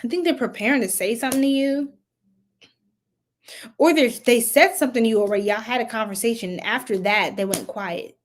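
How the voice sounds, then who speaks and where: A woman's voice: fairly high pitch, brisk. A young woman giving a casual live tarot reading, chatty and giggly, talking to viewers in the chat. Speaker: tarot reader.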